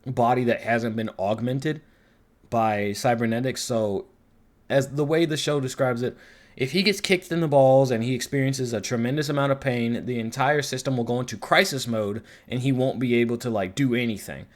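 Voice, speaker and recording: A man in casual review commentary, rambling along with frequent swearing. His pitch sits mid-range and he jumps between excited and deflated. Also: normal speed. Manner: rambling, profane, animated.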